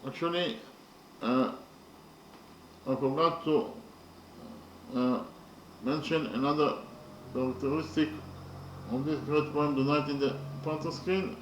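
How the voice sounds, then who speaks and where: A man teaching poetry in a slow, methodical lecture, counting syllables carefully and pausing often with fillers. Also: a little high, fairly even intonation, roomy sound, a little hiss or hum, low-quality recording.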